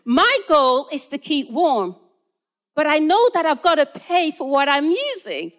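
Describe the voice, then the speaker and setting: Lively, animated British woman preaching. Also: high-pitched, unhurried. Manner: animated storytelling, acting out both sides of phone calls. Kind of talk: sermon with personal story.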